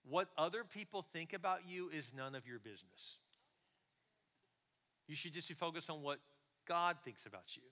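A man preaching a sermon in a conversational, animated way, often asking the congregation questions. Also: a little high, moderate pace, pauses often. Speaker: pastor. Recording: long hall reverb.

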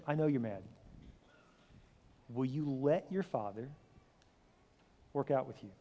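Animated preacher man in a reverberant hall. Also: mid-range voice, unhurried, long pauses. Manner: animated storytelling, acts out dialogue with shifting voice. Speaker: pastor. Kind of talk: sermon. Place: large church hall.

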